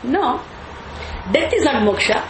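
A woman leads a scripture class at a very unhurried pace. She repeats key Sanskrit terms and poses questions to her listeners before answering them herself. Her voice rings in an echoey room over a faint hum of ambience. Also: high voice, sing-song. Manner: slow and deliberate, repeats and chants Sanskrit terms. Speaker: teacher of scripture.

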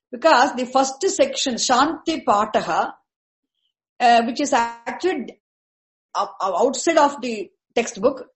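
Woman, high voice, patient teacher who repeats herself often. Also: rough recording. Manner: patient, repetitive, restarts words and spells out terms slowly. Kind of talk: explaining Vedic chanting accents to a class.

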